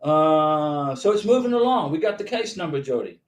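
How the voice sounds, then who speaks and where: A man with a fairly high voice hosts a casual livestream, reading out viewer comments and answering each one in an emphatic, encouraging way. His voice sounds a little echoey, as if he is in a bare room. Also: animated, moderate pace. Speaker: YouTube channel host answering viewer questions.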